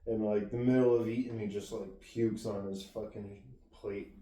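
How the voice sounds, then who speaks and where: A man's voice: on the low side, level tone, normal speed, mellow, reverberant, distant mic. A man co-hosting a podcast, telling profane, laid-back stories in casual chat. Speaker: podcast co-host.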